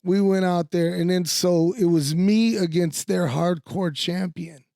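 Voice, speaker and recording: A man's voice: sits high, steady tone, unhurried, creaky, dark tone, no room sound, studio quality. A man co-hosting a talk podcast, telling casual stories in a profane, rambling way full of fillers. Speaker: podcast co-host. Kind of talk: casual storytelling.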